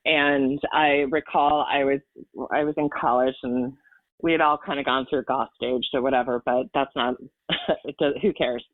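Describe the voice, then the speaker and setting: A woman in her forties, a podcast guest, tells a personal story in a very deep voice with fairly even intonation at a moderate pace. She's earnest and emotional, rambling with fillers and restarts. The line sounds tinny and phone-like, dry with no echo.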